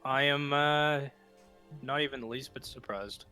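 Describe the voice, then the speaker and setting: A man's voice: medium pitch, unhurried, pushed and bright, clear, resonant tone, soft background music. A man playing a tabletop game, with dry, sarcastic remarks. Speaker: player. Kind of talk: casual tabletop play.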